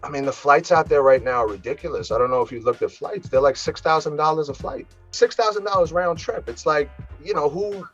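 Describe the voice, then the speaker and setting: A man from New York with a New York accent, a rapper chatting casually as an interview guest, animated and full of fillers. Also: a little high, brisk, few pauses, muffled recording, faint music behind. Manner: animated, laughs easily, many fillers.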